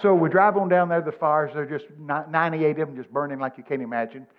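A preacher in his seventies delivers a folksy sermon, weaving scripture into lively stories. His voice sits somewhat high for a man. The recording is dull and lo-fi. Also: fast, some chatter behind. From Texas. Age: 70s. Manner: folksy, animated storytelling with scripture quotes.

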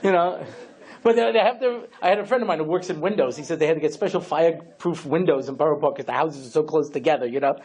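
A man's voice: a little high, fast talker, a little mellow. A man, a rabbi, giving a humorous lecture, telling stories with lots of conversational asides. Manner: storytelling with lots of you-know asides.

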